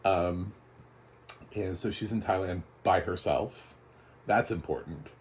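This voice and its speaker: A man's voice: low voice, takes it slowly, slight background noise. A man giving a casual, chatty spoken movie review, often laughing. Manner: chatty, laughing, mock voices for quotes.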